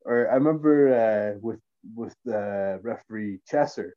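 A man telling stories in casual chat, animated and swearing freely. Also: lowish voice, a little slow, muffled recording.

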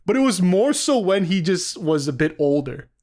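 A man's voice: sits high, very animated, normal speed, darkish tone. A man co-hosting a podcast in casual chat, rambling with many fillers and frequent laughter. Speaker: podcast co-host.

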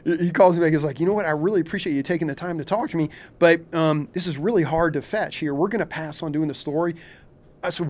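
A man's voice: fairly high pitch, fast. A man from Kentucky, a charter fishing captain, telling stories casually with lots of laughter and restarts. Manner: animated, laughs often, frequent restarts and filler. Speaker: shark fishing charter captain, podcast guest. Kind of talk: casual storytelling.

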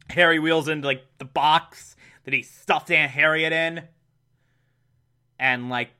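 High, bright-voiced man recapping a show. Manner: animated, exasperated, laughing asides. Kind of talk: casual episode recap.

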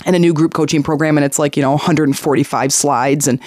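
A man's voice: fairly high pitch, fast talker, no echo, clean studio sound. A man hosting a motivational podcast as a life coach, speaking earnestly and repeating key phrases for emphasis. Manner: animated storytelling with acted-out voices.

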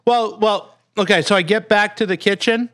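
A man's voice: sits high, moderate pace, a bit bright. A man playing a tabletop game, hesitant and stammering as he describes his moves. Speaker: player.

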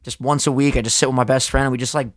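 A young man co-hosting a podcast, chatting casually in an excitable, slangy way with plenty of swearing. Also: mid-range voice, racing. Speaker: podcast co-host.

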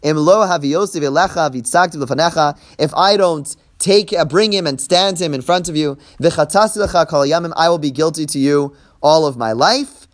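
A Bible teacher with a fairly high pitch speaks at a moderate pace in his text-study class. He reads verses out and translates them line by line, acting out those being quoted. He explains step by step, checking in with "right?"

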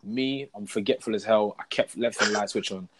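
A man's voice: fairly low pitch, normal speed, noisy background. A young man, chatting casually and acting out both sides of arguments as he tells stories. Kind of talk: casual chat.

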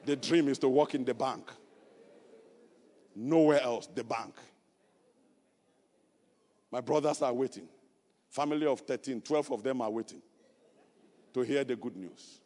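A man's voice: mid-range voice, measured pace, long pauses. Nigerian man preaching in echoing hall. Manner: storytelling, rising to loud emphatic preaching. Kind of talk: sermon testimony.

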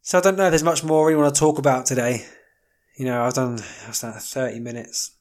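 A man's voice: mid-range voice, little pitch movement, a little fast, a little mellow. A man hosting a casual solo podcast, rambling with wry jokey asides and plenty of ums. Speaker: podcast host.

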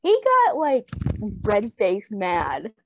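A woman's voice: mid-range voice, very animated, slow, warm tone, dull audio, a little hiss or hum. A woman co-hosting a podcast, chatting enthusiastically about a TV episode and quoting its characters. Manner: enthusiastic, laughs, quotes characters. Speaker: podcast co-host. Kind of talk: casual chat.

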